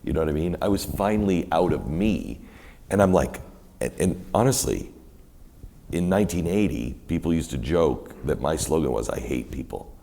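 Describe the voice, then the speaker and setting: A middle-aged man telling animated, rambling stories in a live onstage conversation at a university event, quoting other people as he goes. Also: rumbling low, moderate pace, gravelly, a little hiss or hum. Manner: animated, rambling storyteller who quotes others in many voices. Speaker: guest.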